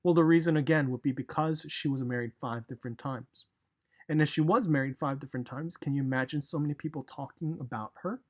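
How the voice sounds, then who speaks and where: A man with a husky, slightly breathy voice leads a casual youth devotional. He tells the story in an animated way and keeps turning to speak directly to his listeners. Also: fairly high pitch, fairly quick. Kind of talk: casual recorded devotional talk.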